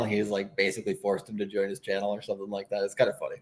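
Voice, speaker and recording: A man co-hosting a casual crypto chat, relaxed and rambling, leaning on fillers. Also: fairly low pitch, quick pace. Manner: relaxed, rambling, fillers like "what do you call it". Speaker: co-host.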